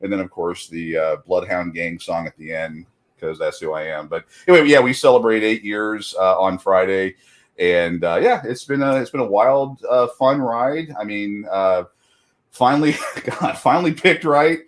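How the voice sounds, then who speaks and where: A man's voice: on the low side, normal speed. Rambling, laughing middle-aged man. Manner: rambling, self-mocking, laughs often. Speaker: guest. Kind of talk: casual chat.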